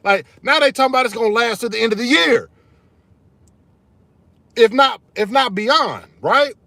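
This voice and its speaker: A fired-up man ranting live to his viewers with a high voice. He hammers his points home, repeats key phrases and talks to the audience as y'all. The sound is dry and close. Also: expressive, normal speed, creaky, pushed and bright, dry recording. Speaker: channel host streaming live. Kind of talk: casual live-stream rant to viewers.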